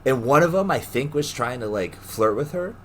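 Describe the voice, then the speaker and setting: A young man co-hosting a podcast, telling stories in casual chat, animated, laughing often and acting out the people he quotes. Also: mid-range voice, normal speed, a little hiss or hum. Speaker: podcast co-host.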